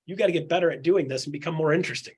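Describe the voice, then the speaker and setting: Husky, punchy real estate coach. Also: male voice, on the high side, racing, darkish tone. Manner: acts out quotes in other voices; punchy, rhetorical questions. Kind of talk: candid coaching chat.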